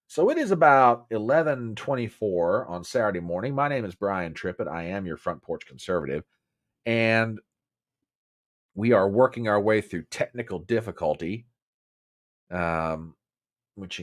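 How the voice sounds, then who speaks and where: Chatty Southern man, lively low voice. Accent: Southern American. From American South. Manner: chatty, emphatic, repeats phrases, talks to chat viewers. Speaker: host. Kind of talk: casual political commentary livestream.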